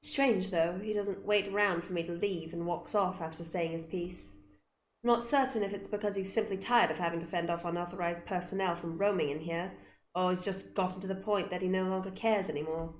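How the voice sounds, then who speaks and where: A woman gamer reading a visual novel aloud with expressive delivery and blunt, swearing asides. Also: on the low side, brisk. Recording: roomy room with music behind.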